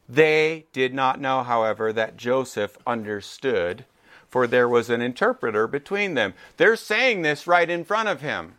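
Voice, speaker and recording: Speaking at a measured pace with medium pitch, a male pastor delivers a sermon and reads from scripture. He is expressive, voicing the brothers and other people in the passage with real feeling.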